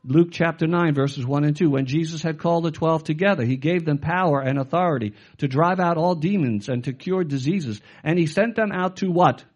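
A man's voice: a little high, fairly quick, few pauses, muffled recording. A middle-aged male pastor preaching a sermon with emphasis, quoting scripture and putting questions to his listeners.

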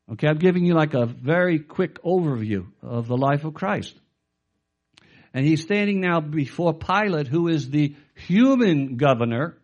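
A middle-aged man preaching as a pastor, his voice pitched a little above most men's. He delivers the sermon emphatically, reads out scripture and throws questions back to the congregation.

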